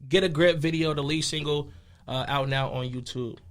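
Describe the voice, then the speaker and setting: Laid-back young man with a flat voice. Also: a little high, normal speed. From west side of Chicago. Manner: laid-back, loose and conversational, with many fillers. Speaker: guest musician. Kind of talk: casual interview chat.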